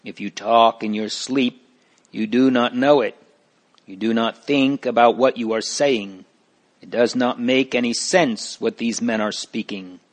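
A man voicing a steady, wise male guide in a storybook reading, speaking gravely and slowly. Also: medium pitch, natural voice. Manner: slow, grave, instructive.

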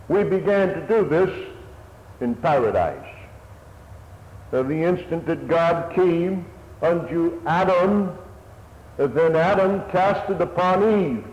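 Man preaching earnestly, fairly high voice, long hall echo, faint hiss. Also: takes it slowly, darkish tone. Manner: earnest old-fashioned preaching, swelling and dropping. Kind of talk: sermon. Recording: echoey hall, dull lo-fi sound, faint hiss.

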